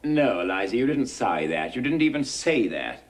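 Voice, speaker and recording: A man's voice: medium pitch, very animated, normal speed, pitched below the performer's own voice, natural voice. A man putting on a pompous older diction teacher, correcting a pupil.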